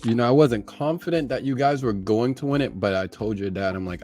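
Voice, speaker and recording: A man's voice: mid-range voice, a little fast, dark tone, soft background music. A man hosting a casual podcast chat, laid-back and calling people "bro". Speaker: podcast host.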